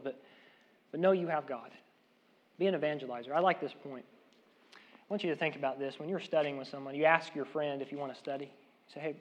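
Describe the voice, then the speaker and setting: A man preaches with earnest conviction. He repeats his key phrases, leans hard on some and drops low on others. His voice sits a little high for a man, and the recording is dull and lo-fi. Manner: earnest, repeats key phrases, swings between loud emphasis and soft asides. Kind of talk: sermon. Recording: dull, lo-fi sound.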